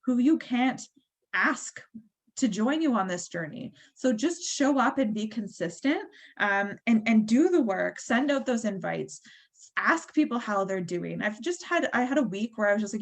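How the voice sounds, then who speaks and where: A woman's voice: fairly high pitch, animated, normal speed. Chatty woman leading a team call. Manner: chatty, filler-heavy, encouraging. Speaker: team leader.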